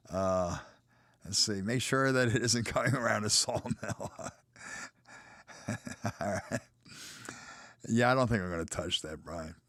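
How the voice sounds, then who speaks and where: A man's voice: lowish voice, a bit bright, dry recording, studio quality. An American man hosting a live stream and chatting casually through viewer comments, with frequent fillers and restarts. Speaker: host.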